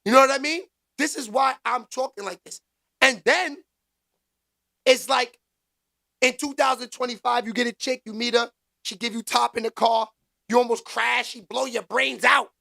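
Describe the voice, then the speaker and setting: A man hosts a casual live stream, answering his chat in slangy street talk. His voice sits high and carries a gravelly rasp. He keeps it animated, jumping into loud exclaims. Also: moderate pace. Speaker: livestream commentary host.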